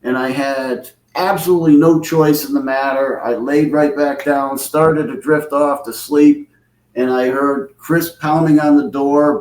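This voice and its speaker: Slow-spoken man telling a story, roomy sound. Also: mid-range voice, fairly even intonation, a little mellow. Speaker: podcast guest. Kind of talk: storytelling recollection. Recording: roomy, distant mic.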